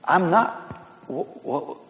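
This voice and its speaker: A man voicing a weary, drowsy old priest in a low, soft murmur. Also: animated, drawn-out words, vocal fry, exaggerated voice. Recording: echoey hall reverb.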